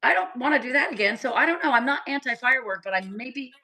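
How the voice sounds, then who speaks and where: A woman's voice: sits high, lively intonation, fast talker, pushed and bright. A woman in her fifties co-hosting a casual chat, talking in a chatty, exclamatory way. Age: 50s. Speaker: podcast co-host.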